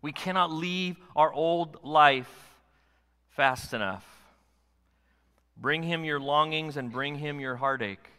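In a fairly high, clear and resonant voice, this male pastor delivers his sermon slowly yet brightly and forcefully. He alternates quiet, intimate passages with loud, pressing appeals, all echoing with the long reverb of a big sanctuary.

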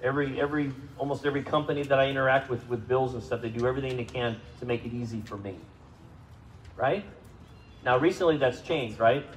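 A man's voice: fast, slight background noise, low-quality recording. Conversational male pastor preaching a sermon. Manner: conversational, asks the congregation questions, rises in pitch and volume for emphasis. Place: church service.

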